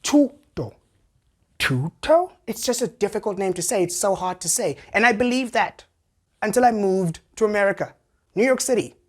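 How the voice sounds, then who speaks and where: Wry comedy host. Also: male voice, high-pitched, brisk. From South Africa. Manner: wry, animated, jumps into voices. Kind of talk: satirical commentary monologue.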